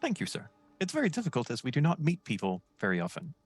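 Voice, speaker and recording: A man's voice: fairly high pitch, wildly swooping pitch, fast talker, faint music behind, voice pushed up. A man voicing a large, courteous machine man with a metallic voice, in a tabletop game. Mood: formal. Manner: formal, courteous, precise. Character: polite hulking male machine man, metallic voice.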